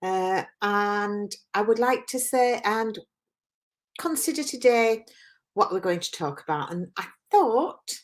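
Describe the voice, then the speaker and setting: A woman's voice: mid-range voice, lively intonation, slow pace. An older woman hosting a podcast, talking in a rambling, hesitant way with many restarts. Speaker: podcast host. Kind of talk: reflective podcast talk on self-talk.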